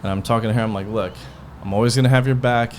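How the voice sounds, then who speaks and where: With a fast, darkish, medium-pitched voice and fairly even intonation, a man on his podcast rambles through a heated personal story. He swears freely and acts out the back-and-forth in quotes, with slight background noise audible.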